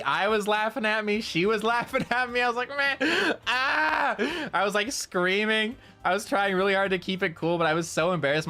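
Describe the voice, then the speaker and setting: A VTuber streamer chatting casually, telling an animated, self-mocking story with lots of repeats. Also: medium pitch.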